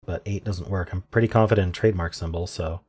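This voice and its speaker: A man solving a crossword out loud, muttering clues and thinking aloud in an unsure, self-questioning way. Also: sits low, fairly even intonation, fast talker, husky. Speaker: puzzle-solving video creator.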